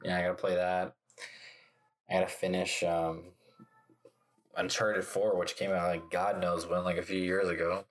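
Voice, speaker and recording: A man's voice: sits low, flat delivery, normal speed, long pauses. A young man rambling casually to the camera, full of fillers, sighs and swearing. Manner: rambling, filler-heavy, profane, sighing. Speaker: vlogger.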